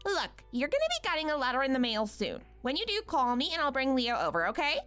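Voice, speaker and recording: A woman voicing a scheming, rude young mother, speaking in a mocking, condescending and bossy way over soft music. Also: high voice, very animated, fast talker. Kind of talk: animated story voice acting.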